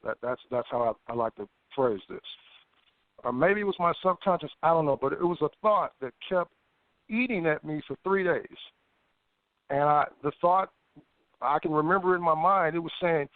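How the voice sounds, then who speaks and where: A man, a guest on a phone interview, telling a personal story in a lively way, with stammered restarts and acted-out thoughts. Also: fairly high pitch, normal speed, no echo. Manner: animated, stammering restarts, acts out his own past thoughts. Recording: tinny phone line, dry.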